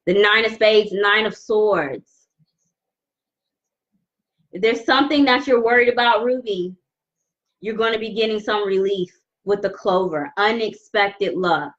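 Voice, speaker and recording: A woman giving a live tarot reading, talking slowly with many restarts as she holds back tears. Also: mid-range voice, highs cut off. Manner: warm, emotional, halting with many restarts. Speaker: tarot reader. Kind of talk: live-stream card reading.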